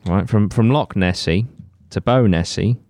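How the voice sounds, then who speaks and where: A man's voice: fairly low pitch, unhurried, dry recording, studio quality. A young man co-hosting a podcast, chatting casually and swearing a lot as he reads out facts. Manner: sweary, animated, jokey. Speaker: podcast co-host. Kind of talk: casual chat, reading out facts.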